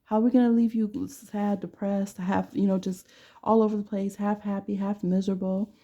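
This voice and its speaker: A woman's voice: mid-range voice, little pitch movement, moderate pace, warm tone, muffled recording. A woman giving a casual tarot reading to camera with a blunt, playful way of talking. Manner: blunt, playful, laughs often. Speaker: tarot reader.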